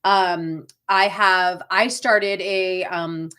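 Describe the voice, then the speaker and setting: A woman's voice: medium pitch, fairly even intonation, drawn-out words, bright, forceful tone, smooth. A middle-aged woman with a Boston accent, hosting a live coaching chat for actors, talking casually and often tagging her points with a questioning "right?". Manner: chatty, frequent "right?" tag questions, reads viewer comments aloud. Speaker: acting career coach.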